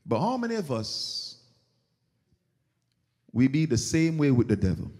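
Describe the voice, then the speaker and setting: A pastor preaching a sermon in a church sanctuary tells stories with animation, acting out their characters. His voice is medium in pitch and measured in pace, with long church reverb on the recording.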